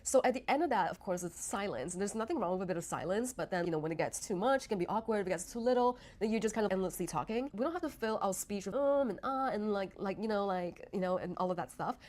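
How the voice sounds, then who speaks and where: A woman's voice: mid-range voice, expressive, fast, few pauses, a little mellow. A woman presenting a self-help video, talking to camera in an earnest, eager, chatty way full of "like"s. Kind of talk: talking to camera, giving advice.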